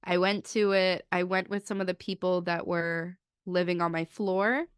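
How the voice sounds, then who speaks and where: Speaking at a moderate pace in a lowish, smooth, steady voice, a woman in her twenties co-hosts a podcast and tells a personal anecdote. She's chatty, says "like" constantly, and acts out the quotes. The studio sound is clean, with no echo.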